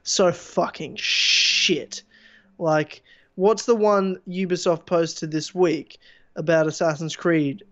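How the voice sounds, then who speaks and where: A man co-hosting a casual podcast in a fairly high voice, blunt and sarcastic with plenty of swearing. His mic sounds a little dull and lo-fi. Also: fairly even intonation, slow, a bit bright. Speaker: podcast co-host.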